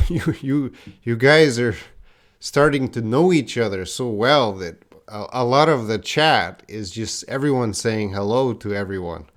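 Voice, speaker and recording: Slow, deliberate man teaching English live. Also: medium pitch. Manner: slow, deliberate, drills words for students to repeat; chats with viewers, reading the live chat aloud. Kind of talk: live-streamed English lesson.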